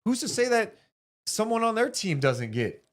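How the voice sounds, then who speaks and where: A man's voice: high-pitched, big pitch swings, moderate pace. A man co-hosting a casual sports talk livestream, working through standings math and reading viewer donations aloud. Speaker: sports podcast co-host.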